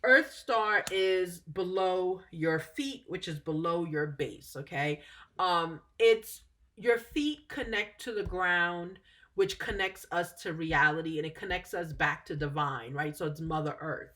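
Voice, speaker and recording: A woman's voice: on the low side, a little slow, bright, forceful tone. A woman giving a casual, talkative explanation as a spiritual teacher, often checking in with "okay?" and correcting herself as she goes. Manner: chatty, frequent "okay?" check-ins, self-correcting.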